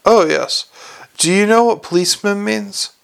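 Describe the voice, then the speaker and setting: A man's voice: sits high, moderate pace, vocal fry, clean tone, pitched above the performer's own voice. A man voicing an earnest, naive young watchman who talks eagerly and innocently in a storybook reading.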